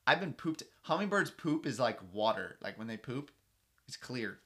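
A young man in his late twenties trades jokes in a loose podcast chat. His voice swings widely up and down, with a bright, forceful edge. He teases and rambles playfully. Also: mid-range voice, moderate pace. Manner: animated, joking, teasing. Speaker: podcast co-host. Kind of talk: casual chat.

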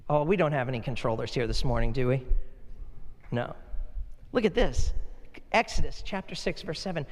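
A male pastor delivering a lively storytelling sermon to his church. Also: a little fast, in a large hall. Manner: animated storytelling, rises high when excited.

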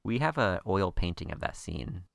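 A man in his thirties with a very low voice co-hosts a podcast in easy, casual chat. He keeps tossing in playful jokes. The recording is close and dry. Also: big pitch swings, moderate pace, gravelly, a bit bright, no room sound. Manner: playful and joking. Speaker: podcast co-host.

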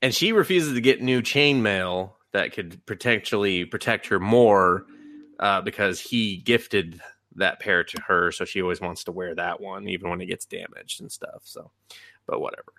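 A man co-hosting a podcast, recapping a show in loose, profane chat and jumping into quick voices for the characters. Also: sits low, pushed and bright, dry recording, clean studio sound. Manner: profane, rambling, acts out quotes in sudden voices. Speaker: podcast co-host. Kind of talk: casual anime recap chat.

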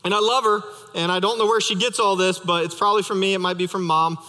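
Young guy preaching, high bright voice, chatty storytelling w/ jokes, big echoey church. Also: fairly even intonation, quick pace. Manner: conversational, storytelling with light humor. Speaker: pastor. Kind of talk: sermon. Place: church sanctuary. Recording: reverberant church hall.

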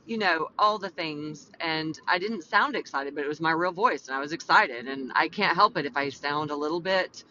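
Bright-voiced playful woman podcast host. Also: deep voice, normal speed, hardly any pauses, a little hiss or hum. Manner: playful, talks to herself, exclamatory preaching. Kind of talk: casual faith podcast chat. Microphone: podcast mic. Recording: dull lo-fi audio with faint music.

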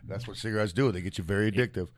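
A man's voice: fairly low pitch, rapid-fire. Rambling, swearing podcast man. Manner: rambling, swears a lot, laughs often. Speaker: podcast co-host. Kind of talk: casual profane chat.

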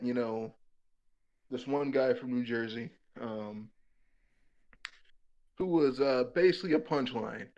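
A man's voice: medium pitch, darkish tone, muffled recording. A young man telling a rambling, profane comic story about his own life, laughing as he goes.

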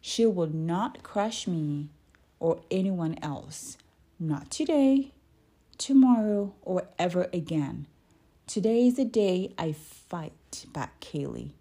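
A woman voicing a brave young girl who stands up to bullies, speaking firmly and loudly. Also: animated, slow, breathy edge, full character voice. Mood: defiant. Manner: firm, raised and higher pitched.

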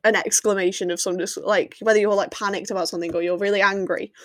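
A woman's voice: medium pitch, steady tone, quick pace, no room sound. A woman co-hosting a podcast in casual chat, laughing often as she talks. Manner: giggly, chatty, often laughing. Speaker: podcast co-host.

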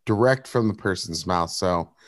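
A man's voice: sits low, normal speed, no echo, clean studio sound. A man on a political talk podcast, talking in an outraged way and stumbling over his words.

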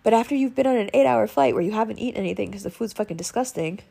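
A woman's voice: a little high, very fast, gravelly, husky. A woman telling a travel story in a casual monologue, swearing freely and acting out the lines of the people she met. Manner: animated, swearing, acts out quoted lines.

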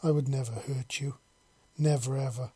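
A man voicing a gentle, devoted female alien who speaks softly and reassuringly in a storybook reading. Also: medium pitch, fairly even intonation, normal speed, a little hiss or hum, natural voice. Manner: soft, reassuring.

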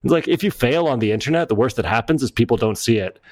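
A man being interviewed as an entrepreneur, telling stories casually and acting out quoted dialogue in a lively way. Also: fast talker, no echo. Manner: animated, acts out quoted dialogue with raised pitch. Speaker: entrepreneur guest.

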